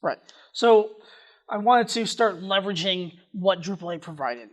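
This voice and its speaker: A speaker at a developer conference explains a software topic at a quick clip. The speech keeps doubling back and restarting mid-sentence. The voice sits at an ordinary middle pitch. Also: expressive. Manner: talks fast, restarts sentences often. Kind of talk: technical conference presentation.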